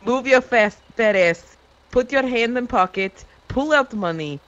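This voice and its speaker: A woman's voice: a little high, animated, a little slow, a bit bright, dull audio. A woman with a put-on Russian accent voicing a rude, blunt female mugger in a role-play game, in broken English. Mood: irritated.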